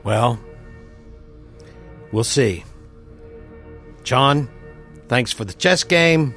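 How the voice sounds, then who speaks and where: A man playing his character in a tabletop game, talking in a defiant, gruff way. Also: medium pitch, expressive, very slow, a bit bright, soft background music. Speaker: player. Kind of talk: in-character tabletop role-play.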